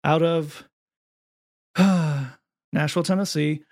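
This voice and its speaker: A man's voice: on the high side, takes it slowly, creaky. A man hosting a casual podcast chat, talking in a sardonic, mocking way. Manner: sardonic, mocking delivery with animated read-out quotes. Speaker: podcast host.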